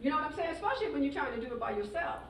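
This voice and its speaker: A middle-aged woman performs stand-up in a large hall before a live audience, sassy and chatty as she teases them about marriage and motherhood. Her high voice is expressive and racing. It's recorded from far off in an echoey hall, with crowd laughter and noise.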